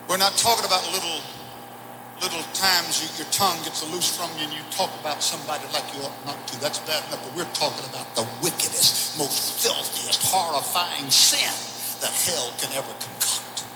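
A man preaching a revival sermon, impassioned, swinging from shouted declarations to hushed, intimate passages. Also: fairly high pitch, fairly even intonation, a little fast, echoey room, over loud music, poor audio. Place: large church or auditorium.

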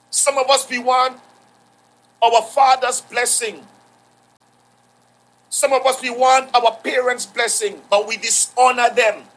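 A man's voice: very high voice, flat delivery, slow pace, pauses often, a bit bright, low-quality recording. A man preaching a sermon, repeating phrases for emphasis and quoting scripture.

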